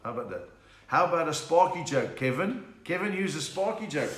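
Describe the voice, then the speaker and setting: A South African comedian chats and puns through a home live stream, reading out viewers' names. His voice sits a little high. The room is echoey. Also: big pitch swings, brisk, fairly bright tone. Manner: chatty, punning, reads out viewer names. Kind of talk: casual joke-telling live stream.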